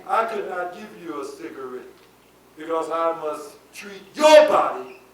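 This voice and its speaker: A man giving a preaching lecture to an audience, building to shouted emphasis and asking rhetorical questions. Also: a little high, lively intonation, measured pace. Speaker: spiritual leader giving a lecture. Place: lecture hall before an audience. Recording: echoey hall, voice from far off, faint hiss.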